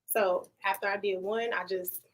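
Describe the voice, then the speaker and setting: Animated, heartfelt woman guest. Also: medium pitch, moderate pace, rough recording. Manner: animated storytelling with laughs; emotional, heartfelt. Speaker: podcast guest. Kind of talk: casual interview chat.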